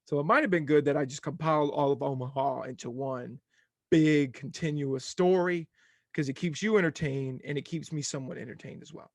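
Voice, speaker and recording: A man's voice: a little high, a little fast, dry recording. A young man hosting a casual sports podcast, rattling off game results in a jokey, scattered way. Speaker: podcast host.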